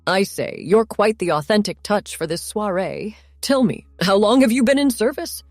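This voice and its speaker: A woman's voice: medium pitch, animated, normal speed, a little mellow, dry recording. A woman voicing a genial, posh-sounding man at a costume party. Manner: posh, plummy.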